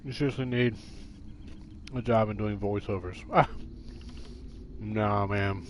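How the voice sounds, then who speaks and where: A man's voice: lowish voice, fairly even intonation, slow, slight background noise. A man streaming a video game, chatting casually and profanely with his viewers in a joking way. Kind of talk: casual live-stream chat.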